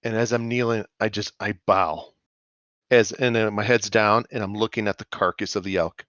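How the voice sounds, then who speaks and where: A man's voice: lowish voice, fairly even intonation, moderate pace, fairly bright tone, no room sound, highs cut off. A man playing a tabletop game, asking earnest questions about what his character can do. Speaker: player.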